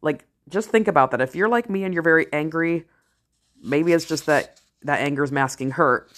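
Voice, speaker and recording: A middle-aged woman talking straight to camera in a casual vlog, blunt and candid, swearing freely and slowing down to stress key phrases. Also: low voice. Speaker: vlogger, parent and ER worker. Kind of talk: casual talking-head commentary.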